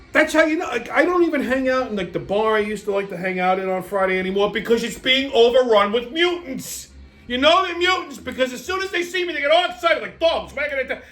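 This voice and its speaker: A man's voice: extremely high pitch, fairly bright tone. A man hosting a weekly wrap-up show, ranting in a crude, exasperated comic style. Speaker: host. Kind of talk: profane comedic rant.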